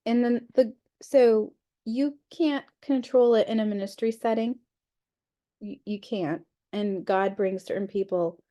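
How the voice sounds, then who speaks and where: A woman's voice: medium pitch, warm tone. A woman leading a book study group over a video call, talking in a chatty, candid way with frequent fillers. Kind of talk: casual group discussion.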